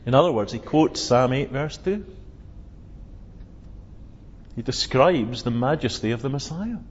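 A man's voice: mid-range voice, expressive, normal speed, a little hiss or hum. A man preaching a sermon, expounding scripture earnestly and emphatically, lifting his voice on quoted cries. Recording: lo-fi with long hall reverb.

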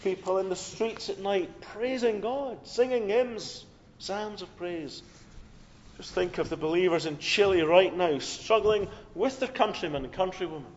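A man preaching a sermon, telling stories with swings from loud, urgent passages to hushed ones. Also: sits high. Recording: long hall reverb, dull lo-fi sound.

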